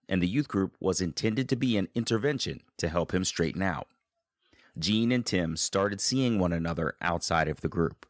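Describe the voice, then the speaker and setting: A man hosting a podcast, narrating a guest's story in a measured, scripted way. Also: low voice, no echo, studio quality. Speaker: podcast host.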